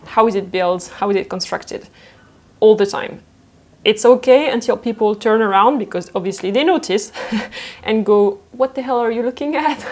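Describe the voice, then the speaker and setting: A young French woman, a fashion designer, answering viewer questions in a casual vlog, with a lively, playful manner and frequent laughs. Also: medium pitch. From France.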